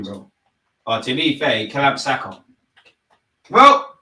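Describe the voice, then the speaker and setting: A young man reacts live to a football match, excitable and loud, calling out players and the referee in street slang. His voice swings from bursts of shouting to low grumbling. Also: slow pace, long pauses, husky. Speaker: football watch-along host.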